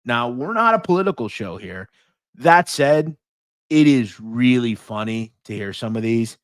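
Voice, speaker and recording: A man's voice: mid-range voice, lively intonation, a little slow, no room sound, studio quality. A man from the United States hosting a casual livestream podcast, blunt and profane, mocking and reading out viewer donations. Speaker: podcast host.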